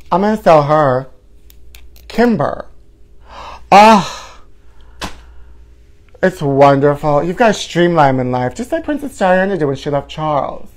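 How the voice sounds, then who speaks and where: A man doing a flamboyant gossip show host. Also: on the high side. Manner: dramatic, rambling, sighing and groaning. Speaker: parody talk-show host. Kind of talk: campy comedic monologue.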